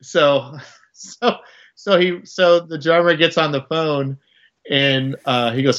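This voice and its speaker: A man's voice: a little high, takes it slowly, a bit bright, highs cut off. A man, a musician guest in a casual interview, rambling through stories with lots of filler words.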